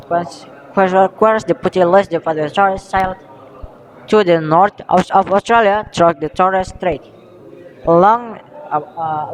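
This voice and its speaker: A young man with an Indonesian accent presents a school history project, speaking slowly and haltingly and often restarting his phrases. His voice sits a little high for a man, with a long reverb trailing behind it. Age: young adult. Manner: halting, self-correcting, reads haltingly from notes. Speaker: student presenter.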